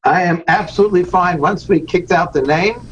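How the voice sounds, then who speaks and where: A man, a rabbi and guest on a podcast interview, telling the story of his charity in an earnest way and slowing down for emphasis. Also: sits high. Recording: dull lo-fi remote audio with faint noise.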